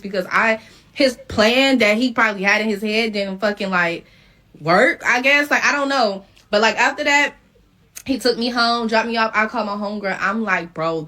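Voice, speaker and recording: A woman telling a story in a casual, profane way, acting out what people said. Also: medium pitch. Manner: animated, profane, acts out quotes.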